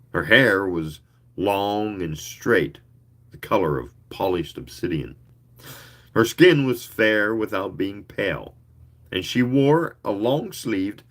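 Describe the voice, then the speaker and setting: Slow, expressive male story reader. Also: lowish voice. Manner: leisurely, expressive reading with asides. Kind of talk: reading a story aloud.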